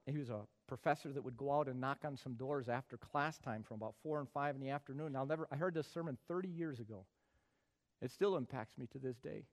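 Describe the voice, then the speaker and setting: A middle-aged man preaching a sermon as pastor, building from quiet talk to loud, emphatic passages. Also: fairly high pitch.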